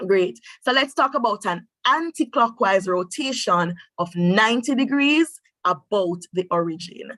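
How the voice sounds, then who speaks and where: Lady teacher doing an online maths class, encouraging, lots of thinking-out-loud hmms, dry close mic. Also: medium pitch, expressive, measured pace, no room sound. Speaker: mathematics teacher.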